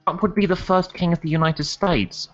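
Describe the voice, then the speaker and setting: A man's voice: a little high, steady tone, normal speed, highs cut off, faint music behind. A man in casual podcast chat, teasing others with mock-posh remarks. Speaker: podcast panelist.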